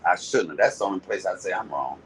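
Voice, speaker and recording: A man's voice: low-pitched, lively intonation, quick pace, fairly bright tone, slight background noise, low-quality recording. A man, ranting to his viewers in a profane, confrontational and mocking way. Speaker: live-streaming commentator. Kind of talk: casual rant to viewers.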